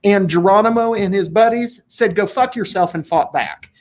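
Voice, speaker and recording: A man's voice: high-pitched, moderate pace. Blunt, profane man ranting on a podcast. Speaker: podcast host. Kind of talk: casual podcast discussion.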